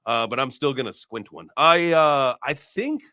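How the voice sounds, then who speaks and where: A man's voice: medium pitch, animated, moderate pace, pushed and bright, no room sound, studio quality. A man hosting a casual live stream, joking and rambling and swearing casually.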